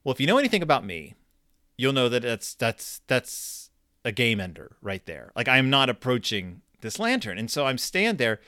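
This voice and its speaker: A man's voice: medium pitch, big pitch swings, normal speed, pushed and bright, dry recording, studio quality. A man in his thirties hosting a podcast, telling personal stories in a rambling, self-deprecating way full of restarts. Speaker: podcast host. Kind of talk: casual storytelling monologue.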